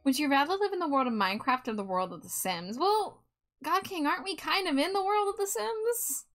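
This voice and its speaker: A woman's voice: high-pitched, lively intonation, fairly quick, a bit bright. A woman guest artist chatting casually on a stream, easygoing and laughing along.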